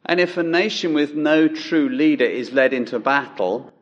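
A male preacher giving a sermon in a measured, emphatic way, dropping low on key words. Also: steady tone, lo-fi sound.

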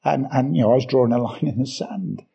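A man's voice: medium pitch, expressive, fast talker, creaky, breathy edge, dull audio. An older man from England with a Birmingham accent, preaching a sermon with emphatic repetition and self-deprecating asides.

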